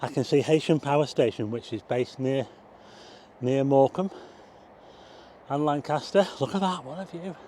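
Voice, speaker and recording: A man's voice: medium pitch, normal speed, pauses often, warm tone, slight background noise. An older man chatting to viewers as he drives and climbs a hill, exclaiming and getting out of breath. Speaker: walking vlogger. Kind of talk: casual vlog narration. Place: outdoors, driving then hillside walk.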